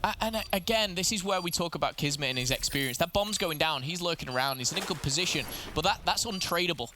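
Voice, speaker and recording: Man, esports caster, fairly high voice, excitable, game sounds audible behind. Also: noisy background. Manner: excitable, analytical, frequent restarts. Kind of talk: play-by-play commentary.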